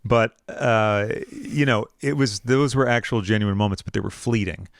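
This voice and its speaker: A man's voice: lowish voice, moderate pace, no room sound. Chatty man podcast host, dry close sound. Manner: chatty, quotes himself in animated asides. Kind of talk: casual chat.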